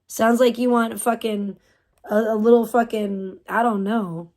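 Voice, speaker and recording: A woman's voice: a little high, fairly even intonation, a little slow, darkish tone. A young adult woman hosting a livestream, ranting with heavy profanity and open scorn. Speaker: livestream host.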